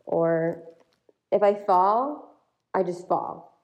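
A woman in her twenties chats casually, padding her stories with filler words. Her voice sits a little low. It is captured on a phone in an echoey room. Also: drawn-out words, muffled recording, background noise. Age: 20s. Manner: chatty storytelling with many "like" fillers. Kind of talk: casual chat. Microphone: phone recording. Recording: roomy phone recording.

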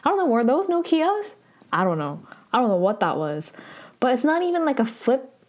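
A woman's voice: fairly high pitch, very animated, moderate pace. A woman hosting a podcast, recapping an episode in a casual chat full of "like" fillers. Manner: chatty, lots of "like" fillers. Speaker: podcast host.

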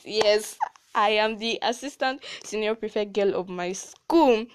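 A woman's voice: medium pitch, measured pace, clean tone. A teenage girl with a Nigerian accent hosts her own podcast in a loose, casual chat. She talks in a chatty, heartfelt way, leaning on "like" and "um" as she goes. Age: teens. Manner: chatty and emotional, frequent "like" fillers and laughs. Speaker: podcast host.

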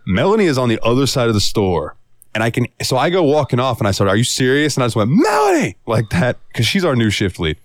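A man's voice: medium pitch, sing-song, quick pace, dry recording, clean studio sound. A young man co-hosting a podcast, telling a story in a profane, exasperated way and acting out the quotes. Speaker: podcast co-host. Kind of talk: casual storytelling chat.

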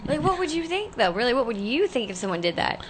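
A woman's voice: on the high side, very animated, fast. A woman co-hosting an internet radio show, reacting with amusement and asking questions in casual chat. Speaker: radio co-host.

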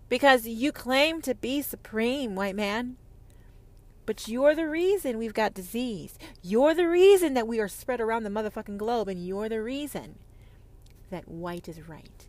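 A woman's voice: a little high, lively intonation, moderate pace. Profane, confrontational woman ranting. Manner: profane, confrontational, sharp swings from loud to hushed. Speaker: podcast host. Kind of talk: ranting podcast monologue.

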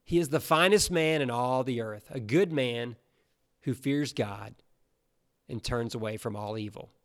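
A stern, chiding God, as a preacher puts him on, speaking in a plain middle-pitched man's voice. The delivery is casual and conversational rather than grand. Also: measured pace, lightly acted. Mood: earnest. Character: God, stern all-powerful male deity.

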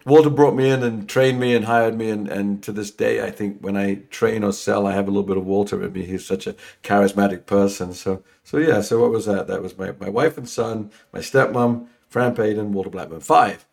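A middle-aged man from London with a London accent, chatting as a podcast guest, warm and rambling with many restarts. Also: fairly low pitch, fairly even intonation, a little fast, vocal fry, hardly any pauses. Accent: London English. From England. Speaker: podcast guest, new home sales trainer. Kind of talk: casual interview chat.

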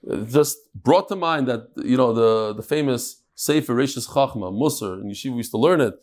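A man's voice: mid-range voice, lively intonation, fairly quick, a little mellow. A man teaching a text-study lecture in a classroom, emphatic and rhetorical, often repeating his phrases. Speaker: religious studies teacher.

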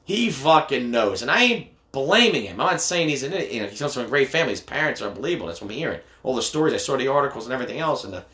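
Man, middle-aged, blunt, foul-mouthed, teasing, bright tone, roomy echo. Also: medium pitch, very animated, racing, few pauses. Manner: blunt, heavy swearing, teasing. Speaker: father, podcast co-host. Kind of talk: casual banter. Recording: echoey room.

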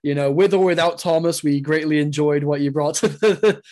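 A man's voice: on the high side, normal speed, darkish tone. A man from England co-hosting a casual soccer podcast over a video call, rambling with lots of fillers and frequent chuckles. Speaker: podcast co-host.

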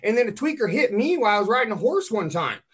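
A man hosting a podcast, telling a blunt, lively story in casual chat and swearing freely. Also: high voice, quick pace, slightly rough. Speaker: podcast host.

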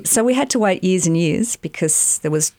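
A middle-aged woman, an actress and voiceover artist, telling animated stories in a casual interview, with rambling asides. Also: lowish voice, moderate pace, no echo. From Australia. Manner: animated, chatty, rambling anecdotes with many asides.

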